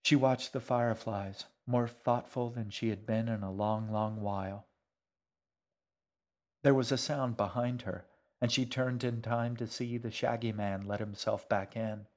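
A man reading his own novel aloud, calm and measured. His voice sits low, and he takes his time over every line. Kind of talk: scripted narration.

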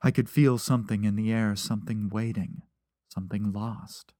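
A man's voice: fairly low pitch, steady tone, moderate pace, warm tone, no echo. A man reading a first-person story aloud, with a dry, wry narrating manner.

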